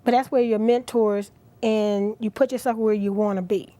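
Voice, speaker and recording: A middle-aged woman guest on a talk show, speaking earnestly and with feeling, at times dropping to a soft near-whisper. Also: mid-range voice, normal speed. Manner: earnest, animated, drops to soft near-whispers at emotional moments. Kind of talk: inspirational talk show interview.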